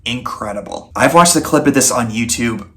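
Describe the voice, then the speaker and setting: Man, movie reviewer, scripted voice-over, earnest, enthusiastic, conversational, mid-pitched voice. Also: normal speed, pushed and bright. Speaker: movie reviewer, channel host.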